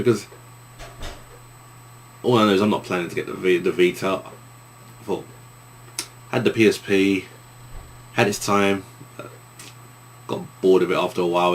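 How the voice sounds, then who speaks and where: Young East London man, deep voice, loose rambling vlog Q and A delivery. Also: steady tone, a little fast, long pauses, a little hiss or hum. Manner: rambling, with many restarts and fillers. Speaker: YouTuber answering viewer questions. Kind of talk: casual Q and A vlog.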